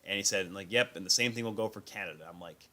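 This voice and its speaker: A man hosting a live sports talk stream, telling animated, self-deprecating stories about his encounters at an event. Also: sits low, quick pace. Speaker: host. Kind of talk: casual sports chat. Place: remote stream call.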